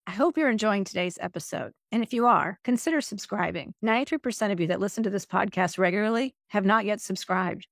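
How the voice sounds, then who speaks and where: A woman's voice: mid-range voice, expressive, quick pace, vocal fry, hardly any pauses, no room sound, clean studio sound. A woman podcast host making a direct, friendly appeal to listeners to subscribe.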